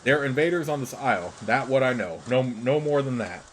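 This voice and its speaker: A man's voice: medium pitch, animated, brisk, slight background noise, natural voice, low-quality recording. A man voicing a shrewd, talkative male creature who wanders a fantasy game world, speaking in broken, clipped phrases. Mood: matter-of-fact. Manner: broken, clipped pidgin speech.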